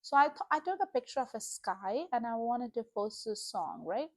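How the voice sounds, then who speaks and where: Speaking at a moderate pace with lively intonation, this young woman has a slightly high voice, recorded with no echo. She's a Christian vlogger sharing her personal faith testimony casually, in an earnest, emotional, chatty manner full of fillers.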